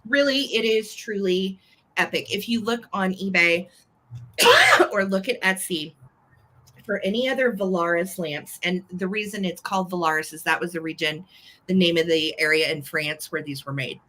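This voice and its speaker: A woman's voice: fairly low pitch, animated, moderate pace, pushed and bright. A woman with an American accent hosting a live online auction, gushing over each piece and counting down bids. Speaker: live-sale host.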